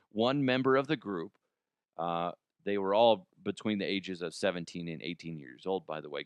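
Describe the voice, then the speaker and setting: A man's voice: on the low side, fairly bright tone, smooth, dry recording. A man hosting a comedy news show, reading ads and riffing in a playful, sarcastic way with jokey asides. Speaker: comedy news podcast host.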